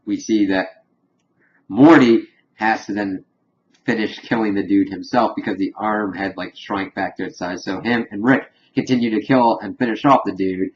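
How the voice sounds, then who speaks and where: A man casually recapping a cartoon episode in a rambling way, full of fillers and quick acted quotes. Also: lowish voice. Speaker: reviewer. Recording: dull lo-fi home recording with faint hiss.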